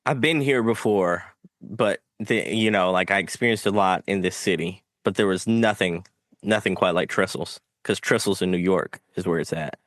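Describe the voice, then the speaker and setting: A man's voice: deep voice, moderate pace, fairly bright tone, no echo, clean studio sound. A man co-hosting a podcast, goofy and chiming in with short jokey interjections. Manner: goofy, throws in sudden silly voices. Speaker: podcast co-host. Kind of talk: casual banter.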